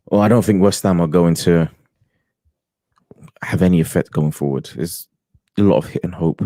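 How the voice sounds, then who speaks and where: A man's voice: low-pitched, moderate pace, dark tone, no echo. A man co-commentating on a football match in a chatty, teasing way. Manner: chatty, teasing, laughs often. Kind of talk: casual live football commentary.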